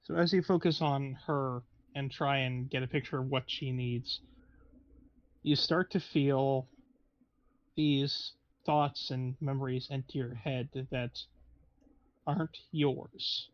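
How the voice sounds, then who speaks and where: A man's voice: mid-range voice, steady tone, slow, no echo. Man narrating as game master, lo-fi. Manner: meandering, hesitant, frequent restarts.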